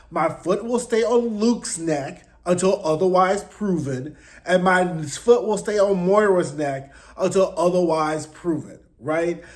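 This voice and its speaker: A man's voice: sits high, a little mellow. A man hosting his own channel, recapping an episode in a casual, sassy, blunt and slangy way into a close mic. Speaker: host.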